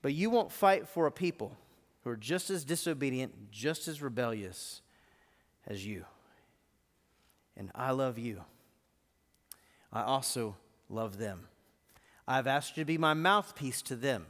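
A pastor voicing God, stern and questioning. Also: male voice, medium pitch, lively intonation, unhurried, pauses often, a bit bright, voice pushed down. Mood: pressing. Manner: rhetorical, pressing questions. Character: God, male, stern yet loving, questioning. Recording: long reverb in a live hall.

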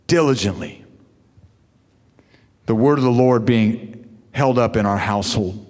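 A man's voice: medium pitch, measured pace, long pauses, darkish tone. A male pastor preaching a sermon to fathers, with call-and-response asides to his congregation. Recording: long hall reverb.

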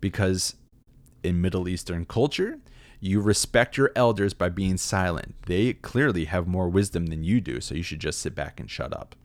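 A man teaching a Bible passage in a relaxed, conversational way, with wry asides. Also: sits low, normal speed, dry recording. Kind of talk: casual scripture commentary.

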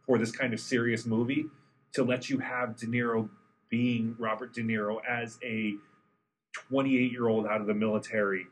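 A man's voice: mid-range voice, little pitch movement, normal speed, a little hiss or hum, low-quality recording. A man co-hosting a casual podcast chat, talkative and joking, who explains things at length. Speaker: podcast co-host.

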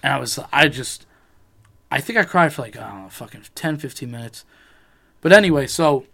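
A man's voice: mid-range voice, expressive, a little fast, vocal fry, bright, forceful tone. A man in casual chat, telling a rambling personal story, swearing freely and acting out what people said.

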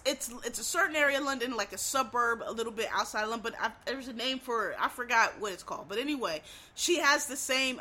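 A speaker with a Philadelphia accent chats straight to the camera in a loose, rambling monologue, swearing freely and calling the audience "y'all". The voice is bright and forward, with a middling pitch. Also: rough recording. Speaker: vlogger. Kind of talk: casual monologue to viewers.

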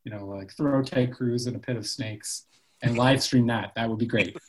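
Man from Canada, relaxed podcast guest; loose, profane, filler-heavy delivery. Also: mid-range voice, moderate pace, rough recording. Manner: loose, swears freely, lots of "like" and "sort of". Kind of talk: casual podcast chat.

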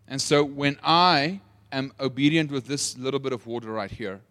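A man preaching a sermon, asking the audience questions and retelling scripture as lively stories. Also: medium pitch, moderate pace. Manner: asks the audience rhetorical questions; animated storytelling with acted-out quotes. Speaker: pastor.

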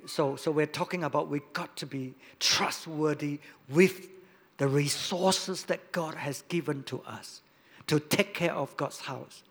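A male pastor preaching a sermon, hitting key words loudly and dropping to quiet asides. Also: high-pitched. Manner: emphatic, swings between loud stresses and quiet asides.

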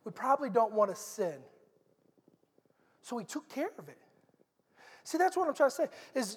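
A man's voice: very high voice, in a large hall. A middle-aged man preaching a sermon in an earnest, conversational storytelling manner.

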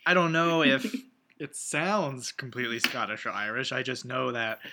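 A man co-hosting a podcast in casual comedic chat, speaking in a dry, matter-of-fact deadpan. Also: medium pitch, normal speed, noisy background. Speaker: podcast co-host.

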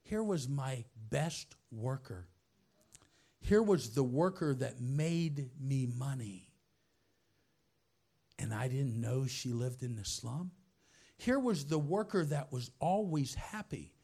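A man preaching through a personal story, swinging from hushed softness to loud shouting. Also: mid-range voice, lively intonation, slow pace, breathy edge. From United States. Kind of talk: storytelling sermon.

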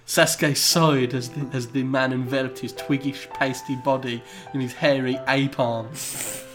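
A man's voice: medium pitch, steady tone, measured pace, over music. A man reading fan fiction aloud in a mock-serious comic tone, often breaking into laughter. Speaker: reader.

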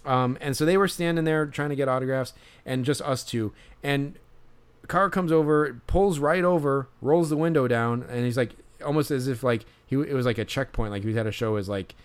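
Rambling through a casual story on his podcast, a young male host uses many fillers and restarts and laughs along. He has a clear, resonant mid-range voice and keeps a moderate pace.

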